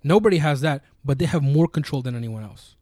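Fast-talking New man, animated. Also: mid-range voice, no echo, studio quality. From New York. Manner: animated storyteller, swears freely. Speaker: podcast co-host. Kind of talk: casual chat.

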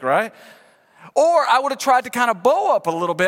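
A male pastor preaching a sermon to a congregation in a church, animated and acting out quoted speech, leading the room in call-and-response. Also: very high voice, fast talker. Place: church sanctuary. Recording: long hall reverb in church.

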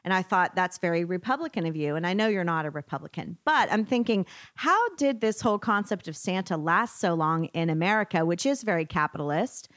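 A woman's voice: on the low side, lively intonation, fairly quick, few pauses, fairly bright tone, no room sound, clean studio sound. A woman appearing as a guest political commentator on a podcast, telling stories and laughing often. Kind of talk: casual storytelling chat.

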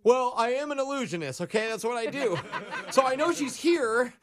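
Dude w/ a really high voice, panicky and flustered, prank call on the radio. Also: male voice, expressive, moderate pace, a crowd in the background. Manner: frantic and flustered, laughing through his words. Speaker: radio prank caller posing as a dog sitter.

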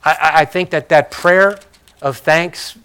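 A man's voice: on the high side, a little slow, a bit bright, smooth. A male pastor preaching a sermon in a conversational way, with joking, apologetic asides to his congregation.

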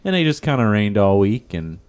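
Male, low-pitched, rambling storyteller for casual podcast talk. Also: sing-song, brisk, darkish tone, clean tone. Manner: rambling storyteller, lots of fillers and "he's like". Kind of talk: casual chat.

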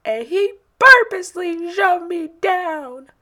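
A woman's voice: expressive, slow pace, sharp tone, full character voice. A woman voicing her upset seven-year-old son, crying and breathless as he complains. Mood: tearful, upset. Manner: sobbing, high and breathless.

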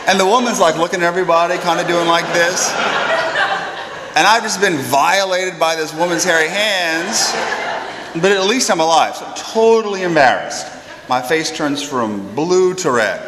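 Brief: male priest storyteller, slightly high voice, lively and self-mocking, long hall reverb. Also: normal speed, very noisy. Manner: animated, self-deprecating, stumbling repeats. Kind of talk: storytelling anecdote.

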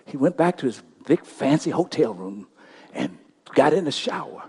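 A male pastor telling a story during a sermon, impassioned, swinging between loud bursts and hushed passages. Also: on the high side, very animated, moderate pace, husky.

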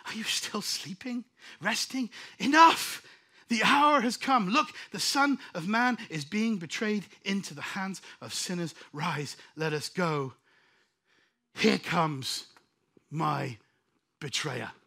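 A preacher voicing Jesus, calm and resolute. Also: male voice, on the high side, takes it slowly, gravelly, pauses often, slightly rough, pitched below the performer's own voice, heavily acted. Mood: urgent. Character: calm resolute man, Jesus facing betrayal.

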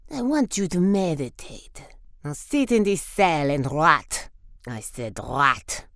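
A woman's voice: low voice, lively intonation, fairly bright tone, no room sound, clean studio sound, full character voice. A woman voicing a menacing villain who coldly orders a prisoner to rot in a cell. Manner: slow, threatening commands.

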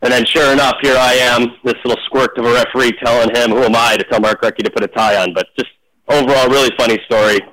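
A man, a former referee, telling stories casually in an interview, animated and full of restarts. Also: mid-range voice, quick pace, poor audio. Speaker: hockey officiating manager, former referee.

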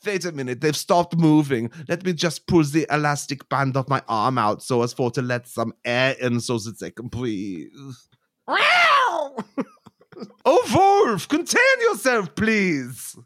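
A man voicing a giddy, flustered grown man who keeps kittens in his singlet, in a high excited voice. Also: measured pace, no echo, studio quality.

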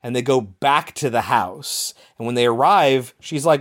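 Animated, swearing storyteller recapping a film. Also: mid-range voice, a little slow. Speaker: podcast co-host. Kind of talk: casual movie recap chat.

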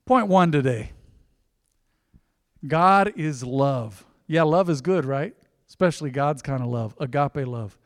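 A man's voice: fairly high pitch, animated, unhurried, studio quality. Emphatic man preaching in a hall. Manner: emphatic, conversational preaching with swings between loud and soft. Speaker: pastor. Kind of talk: sermon.

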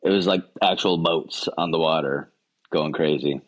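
A man's voice: rumbling low, fairly even intonation, normal speed, highs cut off. A man co-hosting a podcast, joking wryly about a film in casual talk, often repeating words as he restarts. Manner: wry, joking, stammers on restarts. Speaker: podcast co-host. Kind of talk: casual movie discussion.

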